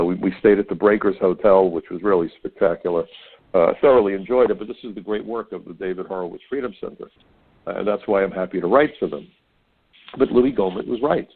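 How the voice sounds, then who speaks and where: A man's voice: fairly low pitch, gravelly, breathy edge. An older man hosting a talk radio show, telling stories in a folksy, opinionated way and often stammering on repeated words. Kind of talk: conservative talk radio monologue. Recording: narrow phone-like radio sound.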